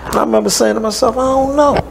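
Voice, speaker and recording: A man guest telling a personal story in an animated way, acting out the voices in it. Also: very high-pitched, fast, gravelly, noisy background. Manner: animated, acts out voices in his stories.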